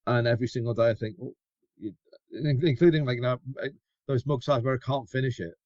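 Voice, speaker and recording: A man's voice: medium pitch, steady tone, brisk, a little mellow, dry recording. A man co-hosting a casual podcast, bantering with dry, teasing remarks. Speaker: podcast co-host. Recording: dry, dull lo-fi audio.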